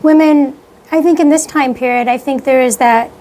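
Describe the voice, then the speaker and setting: A woman musician answering a radio interviewer, halting and filling her sentences with many "you know"s. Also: high voice, fairly even intonation, a little mellow, poor audio. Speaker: guest musician. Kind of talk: casual radio interview chat.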